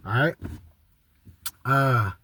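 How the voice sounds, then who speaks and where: A man's voice: medium pitch, drawn-out words, sharp tone, husky, no echo. A man teaching in a casual monologue, restarting phrases and checking in with his listeners again and again. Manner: repeats "all right" as a check-in, many restarts. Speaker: religious teacher.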